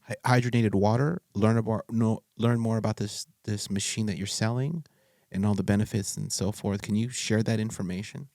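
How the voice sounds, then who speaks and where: Chatty, excitable man hosting a podcast. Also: lowish voice, a little fast, gravelly, no room sound, clean studio sound. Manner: chatty and excitable, with restarts and slang. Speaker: podcast host. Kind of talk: casual interview conversation.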